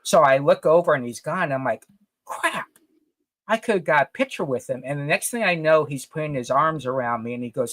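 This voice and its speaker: A man co-hosting a casual podcast, telling stories in an emphatic, animated way. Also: a little high, a little fast, no room sound. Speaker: podcast co-host, comic retailer. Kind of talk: casual chat.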